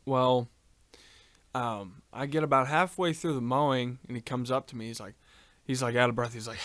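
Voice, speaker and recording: A man's voice: mid-range voice, steady tone, normal speed, pauses often, a bit bright, dry recording. Rambling man telling a work story. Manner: rambling, many ums and uhs, swears freely. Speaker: podcast co-host. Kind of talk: casual storytelling chat.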